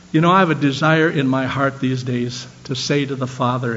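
An older man preaching a sermon, telling stories and swinging between animated lines and soft, low ones. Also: moderate pace, hardly any pauses, a little hiss or hum. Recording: dull lo-fi sound.

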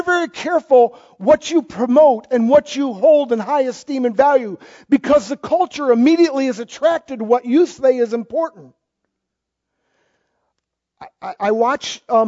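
A high-pitched middle-aged man, delivering a sermon from the pulpit. He swings from loud, punchy lines to soft asides. The recording is dull and lo-fi. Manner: emphatic, swings between loud exclamations and quiet asides. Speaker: pastor.

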